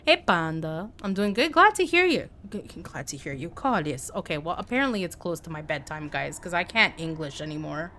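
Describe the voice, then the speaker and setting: A woman streaming a game live, chatting excitably with her viewers as she plays. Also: low voice, fairly quick, few pauses, slight background noise. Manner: excitable, chatty, talks to chat. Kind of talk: live gameplay commentary.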